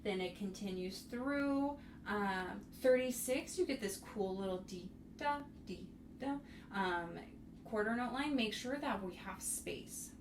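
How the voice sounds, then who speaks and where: A woman's voice: mid-range voice, animated, takes it slowly. Woman music instructor, encouraging with students, recorded at a distance in a roomy space. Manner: sings rhythms on syllables to demonstrate; encouraging, speaks to young students. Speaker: bassoon instructor. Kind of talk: music tutorial. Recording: roomy, mic at a distance, faint noise.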